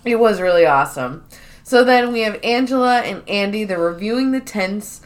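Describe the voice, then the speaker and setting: A woman co-hosting a casual podcast, retelling scenes and acting out the lines in lively bursts. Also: mid-range voice, normal speed. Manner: animated storyteller, acts out quoted lines. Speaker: podcast co-host. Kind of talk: casual recap chat.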